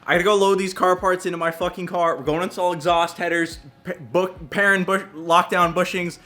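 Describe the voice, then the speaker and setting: A young man vlogging casually about his car, talking in an excited, rambling way and swearing a lot. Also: sits high, a little fast.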